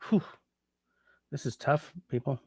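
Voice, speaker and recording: A man's voice: takes it slowly, no room sound, studio quality. A man hosting a casual livestream, reading out viewer comments and thinking aloud as he tries out French translations. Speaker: livestream host.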